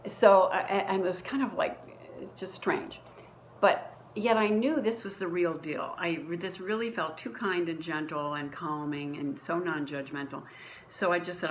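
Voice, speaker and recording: Woman, low voice, church testimony recorded at home, earnest, restarts often, faint hiss. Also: moderate pace, low-quality recording. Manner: earnest storytelling with many restarts. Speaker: church member sharing a testimony. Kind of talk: personal faith story, conversational. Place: at home, dining room.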